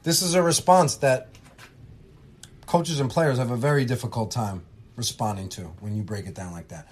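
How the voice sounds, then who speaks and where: A man's voice: medium pitch, normal speed, slightly rough. A man co-hosting a podcast, explaining officiating in a casual, coaching way. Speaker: podcast co-host, basketball referee. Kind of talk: casual instructional chat.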